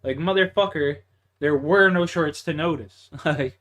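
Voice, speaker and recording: A man's voice: fairly high pitch, measured pace, a bit bright. A young man with a Canadian accent, venting in a heated, profanity-heavy rant to his livestream chat while gaming. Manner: profane, heated, frustrated ranting.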